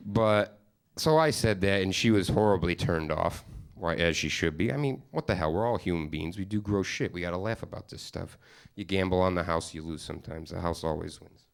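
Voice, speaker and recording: Performing stand-up before a live studio audience, a man from Upstate New York tells profane, rambling stories full of mock-exasperated asides. His voice sits low and sounds creaky, and he moves briskly.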